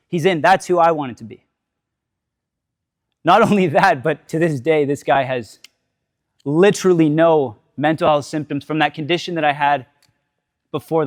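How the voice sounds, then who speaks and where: A man's voice: fairly high pitch, dry recording, clean studio sound. A man giving a candid motivational talk to a live audience, telling his story, swearing freely, asking questions and tagging lines with "right?".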